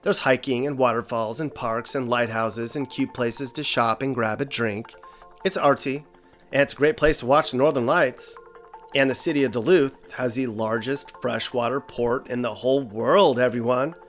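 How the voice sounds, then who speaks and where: A man hosting a comedic explainer, narrating in a dry, sarcastic, deadpan way. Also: mid-range voice, normal speed, faint music behind. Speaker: host.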